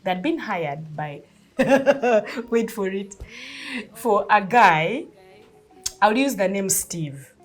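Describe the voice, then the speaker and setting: A woman in her thirties with a Ugandan English accent tells a personal story casually and animatedly, laughing often and acting out dialogue. Her medium-pitched voice moves very slowly with frequent pauses, over soft background music.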